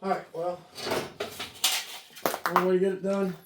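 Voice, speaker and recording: A man with a high voice narrates casually as he unloads a trailer of car parts outdoors, panting and pausing for breath. He sounds distant from the camera, with echo and steady background noise around him. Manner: talks while lifting and hauling, breathy pauses. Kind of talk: casual narration while working. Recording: echoey, distant camera audio with clear noise.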